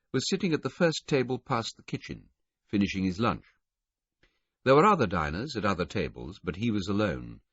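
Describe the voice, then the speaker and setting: A man reading a novel aloud in the first person, telling the story in a lively, varied way. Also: sits low, breathy edge, dry recording, dull audio. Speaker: audiobook reader.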